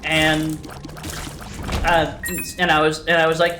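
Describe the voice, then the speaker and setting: A man's voice: on the high side, completely flat delivery, slow pace, long pauses. Rambling, profane young man in a roomy space. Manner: rambling, profane, frequent restarts and fillers. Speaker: let's play host. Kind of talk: casual storytelling over gameplay. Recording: roomy sound with game music behind. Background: game music.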